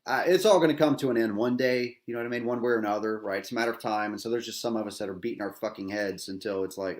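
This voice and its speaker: A man's voice: on the low side, fast, few pauses. A middle-aged man, a veteran host, angry and agitated, delivering a bitter, profane rant full of repetition and rhetorical "right?" tags.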